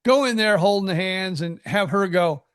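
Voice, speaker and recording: High-voiced man, casual podcast chat. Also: moderate pace, fairly bright tone, clean tone. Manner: easygoing, rambling, joking. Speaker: podcast co-host.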